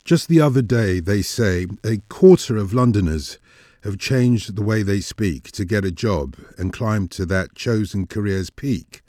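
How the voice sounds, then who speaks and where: A man's voice: lowish voice, animated, measured pace, dark tone, no echo, studio quality. A man hosting a podcast, narrating in rhythmic, rhyming spoken word. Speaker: podcast host.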